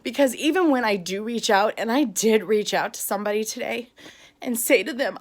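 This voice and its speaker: With a fairly quick pace and a voice on the high side, a middle-aged woman shares an emotional vlog about a difficult day. Still tearful from crying, she talks in bursts and laughs nervously.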